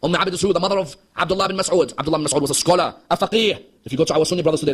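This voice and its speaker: A man's voice: on the high side, lively intonation, racing, few pauses, slightly rough. A man giving an impassioned religious history lecture, asking the audience rhetorical questions and acting out quoted dialogue. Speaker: Shia preacher.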